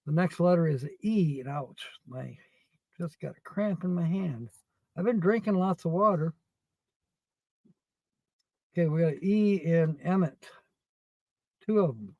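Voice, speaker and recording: A man hosting a livestream, chatting casually with viewers as he scratches tickets and reads out letters at a slow, rambling pace. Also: a little high, no echo, muffled recording. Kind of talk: casual live-stream chat.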